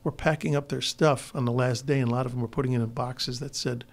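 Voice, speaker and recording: In a quick, steady, mid-range voice, an older Chicago actor relaxes into interview storytelling. His anecdotes run long and ramble, with plenty of restarts.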